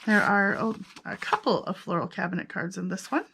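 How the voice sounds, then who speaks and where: Chatty woman crafter, casual flip-through narration, mid-pitched voice, faint background hiss. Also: lively intonation, a little fast, gravelly, sharp tone. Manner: chatty, self-amused, thinks aloud. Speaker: crafter showing her handmade journals.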